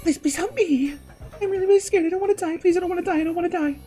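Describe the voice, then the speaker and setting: A man voicing a terrified young girl who is trapped and pleading in a high, tearful voice. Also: fairly quick, dark tone, soft background music. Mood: frightened pleading.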